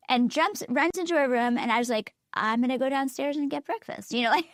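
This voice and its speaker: A middle-aged woman co-hosting a parenting chat, animated and laughing often as she tells stories. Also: high-pitched, fairly quick, no echo, clean studio sound. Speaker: podcast co-host. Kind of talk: casual chat.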